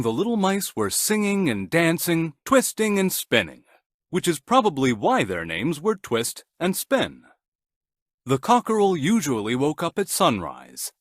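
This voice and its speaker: A man narrates a scripted bedtime story for children with gentle, animated storytelling. His voice sits slightly high and rises and falls very widely. The sound is dry and close. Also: no room sound.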